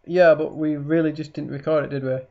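Guy chiming in sarcastic on a mate's game, bit high pitched, lo-fi sound. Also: fairly even intonation, a little fast, vocal fry. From Yorkshire, England. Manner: teasing, sarcastic. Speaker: co-commentator. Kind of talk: casual let's play banter. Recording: dull lo-fi mic.

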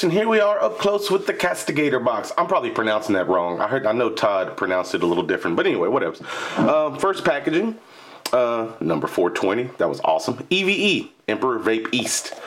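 A man's voice: mid-range voice, very animated, fairly quick, noisy background. A man reviewing a vape box in a rambling, swearing, laid-back vlog. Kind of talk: casual product review vlog.

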